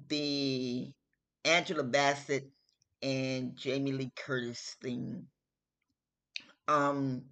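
A middle-aged woman hosting her own show, giving her opinion in a slow, emphatic, chatty way and repeating her phrases. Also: rumbling low, a bit bright. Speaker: host. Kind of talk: casual opinion talk.

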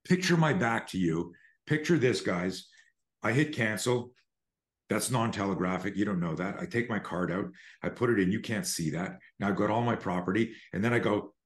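A middle-aged man with a lowish voice, talking as a podcast guest over a remote call. He explains self-defense ideas in a lively, profane way. He jumps into acted-out scenes as he goes. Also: moderate pace. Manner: animated and profane, acts out scenarios. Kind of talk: conversational podcast interview.

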